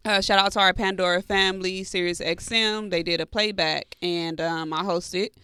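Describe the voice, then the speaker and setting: A woman co-hosting a radio podcast in casual chat, playful and quick to laugh. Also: lowish voice, steady tone, pushed and bright, clear, resonant tone. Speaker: co-host.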